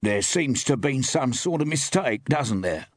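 A man's voice: medium pitch, animated, moderate pace, husky, no echo, clean studio sound, pitched above the performer's own voice. A man reading an audiobook voices a puzzled, pushy male innkeeper who protests and grows suspicious. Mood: puzzled, protesting.

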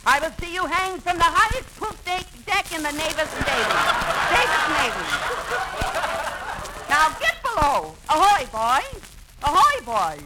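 A bossy, excitable young woman who talks big and schemes for what she wants. Her voice sits high and leaps around, broad and theatrical. It sounds like a hissy 1940s radio broadcast. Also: measured pace. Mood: grandiose. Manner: brash, theatrical, flustered when caught out. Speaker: comic lead. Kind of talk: 1940s radio comedy acting.

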